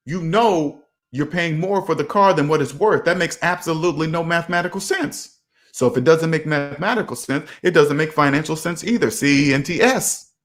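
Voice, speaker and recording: Male finance host, slightly higher voice, emphatic and casual, acts out quotes. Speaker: personal finance channel host. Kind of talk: casual advice monologue.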